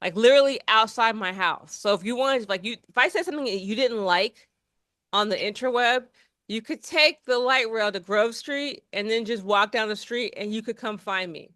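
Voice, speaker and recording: A woman's voice: on the high side, normal speed, a bit bright, no room sound, studio quality. A woman co-hosting a podcast, rambling in casual chat with lots of restarts and fillers. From New Jersey. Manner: rambling, many restarts and fillers, laughs often. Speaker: podcast co-host.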